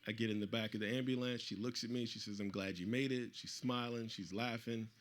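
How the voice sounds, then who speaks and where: A middle-aged man speaking at a live event, telling a personal story to the audience with animated delivery and acting out the voices of the people he quotes. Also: lowish voice, brisk. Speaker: author speaking at a book event.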